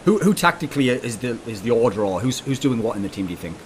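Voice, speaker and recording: A man hosting an esports talk show with a mid-pitched voice. He talks in an animated, teasing, mock-dramatic way as he presses his guest. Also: fast, a little hiss or hum. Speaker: podcast host.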